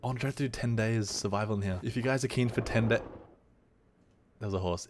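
A man's voice: on the low side, fairly even intonation, fast. A young man commenting on a horror video game as he plays it, easily startled and laughing nervously at the scares. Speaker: gaming video creator. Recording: loud game music behind the voice.

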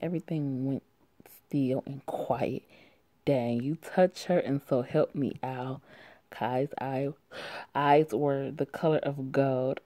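Low creaky woman reading with sassy asides. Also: warm tone, dry recording, studio quality. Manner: sassy, laughing asides, swears. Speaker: story reader. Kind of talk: reading a story aloud with reactions.

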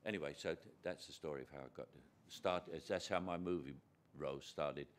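Before an audience on stage, an older British actor is the guest in a conversation, and he delivers rambling, chuckle-filled anecdotes with many restarts. He speaks a little fast in a very deep voice.

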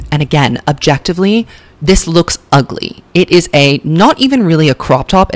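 A woman vlogger giving casual, sassy fashion commentary, gushing and cutting by turns, swearing freely, drawing out words for emphasis and then rushing. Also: low-pitched. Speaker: pop culture vlogger.

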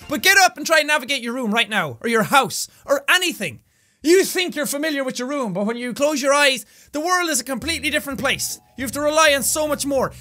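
A young Irish man riffs to his viewers in a very high, bright voice, rambling from thought to thought and bursting into loud yells. Faint music plays underneath. The delivery is loose and casual, like an online video host. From Ireland. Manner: animated, loud bursts of yelling, rambling asides. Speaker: gaming YouTuber. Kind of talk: energetic casual commentary to camera.

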